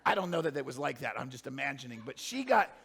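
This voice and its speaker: A man preaching a sermon as pastor, animated and swinging from hushed tones to shouting. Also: mid-range voice, quick pace, creaky.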